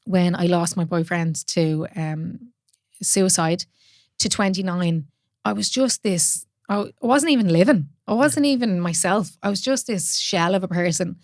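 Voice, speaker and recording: An Irish woman in her thirties hosts a podcast and speaks openly in relaxed conversation. Her voice sits a little low and she swears casually. The sound is close and dry. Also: measured pace, dry recording. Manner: candid, swears casually, laughs often. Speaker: podcast host and fitness coach. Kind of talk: casual chat.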